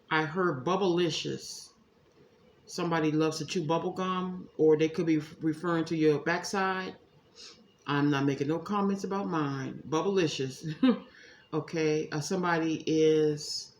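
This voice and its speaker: A woman's voice: lowish voice, a little hiss or hum. A woman giving a casual tarot reading to her viewers, chatty and emphatic, calling them y'all. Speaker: psychic tarot reader. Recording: echoey room, faint ambience.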